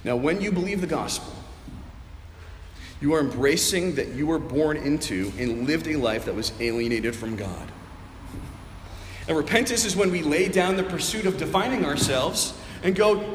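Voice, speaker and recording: A man's voice: fairly high pitch, expressive, normal speed, slight background noise. A man preaching a sermon as pastor, earnest, acting out prayers aloud, on a headset mic. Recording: very echoey hall, faint ambience.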